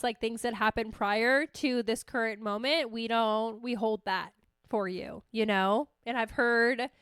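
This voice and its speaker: Woman host, young adult, casual solo chat, slightly high, smooth tone, animated and profane. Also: no room sound, clean studio sound. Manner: animated, swears freely, acts out her own reactions. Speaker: podcast host.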